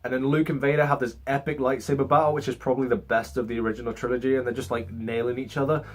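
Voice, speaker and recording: A young man talks through a film in a loose, casual review, at an ordinary middle pitch. His tone is sarcastic and he swears now and then. He often slips into mock voices to act out scenes. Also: flat delivery, very fast. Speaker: movie reviewer. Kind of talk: casual spoken movie review.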